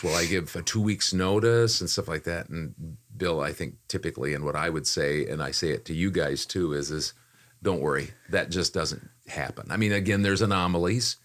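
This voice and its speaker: Older man with a very low voice. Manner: rambling, frequent restarts. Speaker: podcast host, voiceover talent. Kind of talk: casual podcast chat.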